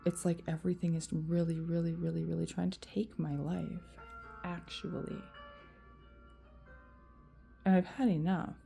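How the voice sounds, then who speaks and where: Woman vlogger, low dark gravelly voice, rambling profane venting to camera. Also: steady tone, a little slow, long pauses, soft background music. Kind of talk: emotional rant to camera.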